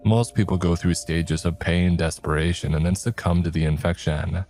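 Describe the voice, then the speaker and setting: A man voicing a calm, kind woman doctor in a narrated horror story, speaking softly and earnestly. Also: low-pitched, moderate pace, faint music behind, natural voice.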